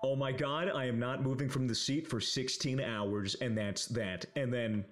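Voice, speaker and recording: A man's voice: medium pitch, fairly even intonation, moderate pace. A young man telling a casual story on a podcast, rambling with lots of fillers, swearing and laughing as he goes. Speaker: podcast co-host.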